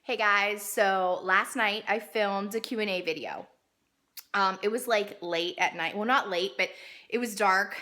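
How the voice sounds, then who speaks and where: A woman in her thirties talks to camera from home, a food blogger answering questions in a loose, rambling way full of fillers. Her voice is bright and clear, and the room adds a noticeable echo. She sounds like someone chatting casually at home. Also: medium pitch, measured pace. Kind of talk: casual vlog Q and A. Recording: roomy echo.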